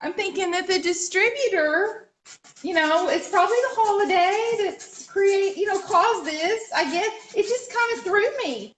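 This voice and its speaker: Chatty high-voiced woman. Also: measured pace, fairly bright tone. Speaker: co-host of a live DIY painting show. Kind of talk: casual chat.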